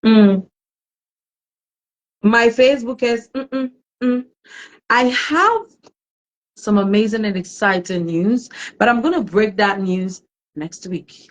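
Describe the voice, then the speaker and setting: Slow-talking woman hosting a live stream. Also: medium pitch, rough recording. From Ghana. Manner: slow, warm greetings to viewers, emotional. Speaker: host of a live-streamed talk show. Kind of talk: casual live-stream chat.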